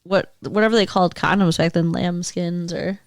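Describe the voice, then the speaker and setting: A woman's voice: on the low side, fairly even intonation, moderate pace, no echo. Young adult woman, chatty film recap, dry close mic, lots of "like". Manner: chatty, lots of "like", laughs often. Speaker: podcast co-host. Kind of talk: casual chat recapping a film.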